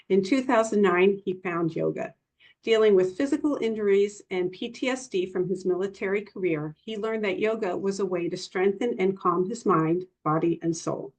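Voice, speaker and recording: Woman moderator introducing a speaker. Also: mid-range voice. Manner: polite, formal introduction. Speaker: session moderator. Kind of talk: reading a scripted introduction. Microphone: video call.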